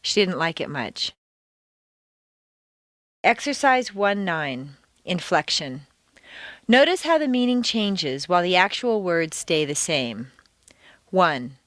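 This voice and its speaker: A woman teaching pronunciation on a scripted audio course, speaking deliberately and exaggerating the stressed words. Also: on the low side, very animated, a bit bright, no echo.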